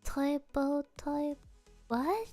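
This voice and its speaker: High-voiced giggly woman streamer. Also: animated, drawn-out words, mellow, no room sound, faint music behind. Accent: non-native English accent. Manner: playful and giggly, repeating silly phrases. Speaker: virtual streamer. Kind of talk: casual live stream chat.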